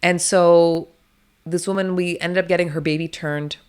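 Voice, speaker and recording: A woman's voice: on the low side, fairly even intonation, a little mellow, clean tone. A woman, a doula and interview guest, telling her stories in a blunt, emphatic way and swearing freely. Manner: rapid, run-on storytelling. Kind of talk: candid storytelling interview.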